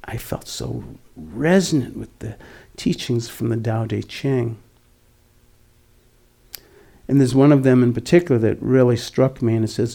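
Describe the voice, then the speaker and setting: Gravelly, mellow older man teaching meditation. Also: medium pitch, moderate pace, few pauses. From Boston area, USA. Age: 60s. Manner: gentle and reflective, voice dropping to near whispers. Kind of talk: dharma talk.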